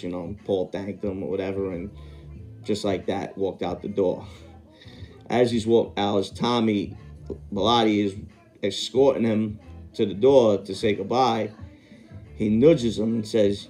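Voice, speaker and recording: A man hosts a podcast, telling a long story in a casual way, drifting off on tangents and correcting himself as he pauses to recall details. His voice is lowish and warm, with fairly even intonation, a measured pace and long pauses. Faint music plays in the background.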